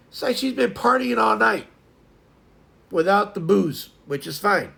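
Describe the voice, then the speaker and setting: Gravelly-voiced man chatting casually. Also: sits high, lively intonation, measured pace, pushed and bright. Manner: rambling, trails off and restarts mid-sentence. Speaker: livestream host. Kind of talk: casual morning chat to viewers.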